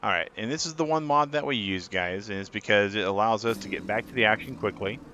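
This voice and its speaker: Bright-voiced man streaming a game. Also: lowish voice, fast, a little hiss or hum. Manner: chatty, reads and answers chat. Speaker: gaming streamer. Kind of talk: live gameplay commentary.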